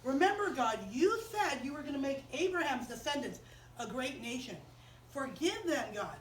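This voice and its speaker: A woman voicing a humble male prophet softly pleading with God. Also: sits high, animated, normal speed, far from the mic, a little hiss or hum. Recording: roomy chapel, voice off-mic.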